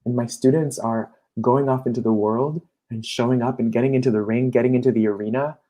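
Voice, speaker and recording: A man, a coach and guest, talking in a casual, animated interview and acting out his clients' voices. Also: medium pitch, fairly quick.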